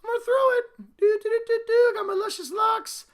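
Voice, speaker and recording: A man voicing a prissy, preening male quarterback in a squeaky, sing-song falsetto. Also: fairly even intonation, brisk, vocal fry. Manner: preening, whiny and dainty. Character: prissy high-voiced male football quarterback.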